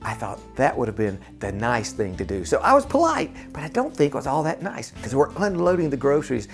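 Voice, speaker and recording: A man with a gravelly, creaky voice tells a personal story slowly and earnestly. He pauses often and repeats himself as he works toward his point. Faint music plays behind him. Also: mid-range voice, lively intonation. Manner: slow, deliberate and earnest, with many pauses and repeats. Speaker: storyteller and channel host. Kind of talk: personal story told to camera.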